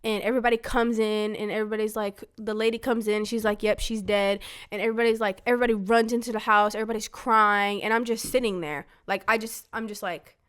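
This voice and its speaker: A young woman with a smooth, clear voice tells a story to her father in an easygoing family conversation. She rambles, filling her speech with "like" and retelling what others said in quoted dialogue. Her voice sits at an ordinary middle pitch. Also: level tone, fast, few pauses, a bit bright. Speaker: daughter talking with her father.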